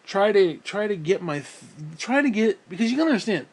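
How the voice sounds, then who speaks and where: Profane, rambling man with a higher voice. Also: expressive, normal speed, darkish tone, slightly rough. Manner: profane, rambling, frequent sighs. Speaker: vlogger. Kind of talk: casual storytelling rant. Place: at home, indoors.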